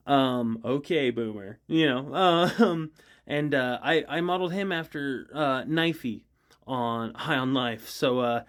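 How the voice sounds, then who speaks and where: A man's voice: mid-range voice, takes it slowly. A man chatting casually about his characters, rambling and giggling, with lots of fillers. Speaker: voice actor vlogger. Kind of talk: casual chat.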